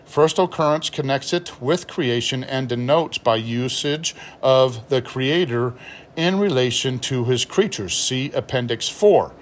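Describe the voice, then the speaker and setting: A pastor showing a study Bible and explaining its notes in a relaxed, explanatory way, reading passages aloud as he goes. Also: mid-range voice, measured pace, a little hiss or hum. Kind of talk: Bible unboxing review.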